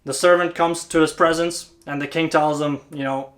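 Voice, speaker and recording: With a fairly high pitch and fairly bright tone, this HVAC technician and channel host talks at normal speed with hardly any pauses and fairly even intonation. His casual, chatty style to camera has him repeatedly asking "right?" to check in with his audience.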